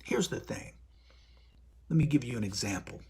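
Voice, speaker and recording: A man's voice: mid-range voice, normal speed, gravelly, husky. A man hosting a live stream in casual talk, blunt and profane. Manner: blunt, profane, animated storytelling.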